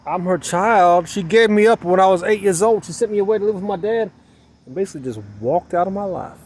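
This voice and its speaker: A man's voice: high-pitched, a little fast, darkish tone. A man talking to his camera in a rambling, emotional way, repeating himself as he questions his own feelings, outdoors. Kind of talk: personal vlog monologue.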